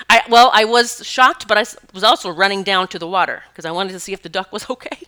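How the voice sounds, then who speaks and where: A woman who's a spiritual teacher delivers a casual storytelling monologue at normal speed, her medium-pitched voice smooth. She's animated and emphatic throughout and laughs often.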